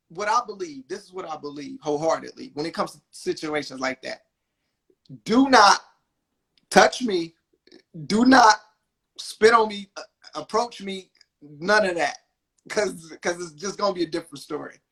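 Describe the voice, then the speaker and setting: Young male podcast host, bright and high, casual storyteller. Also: normal speed, creaky, breathy edge. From New Jersey. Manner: animated, acts out quotes with big pitch jumps.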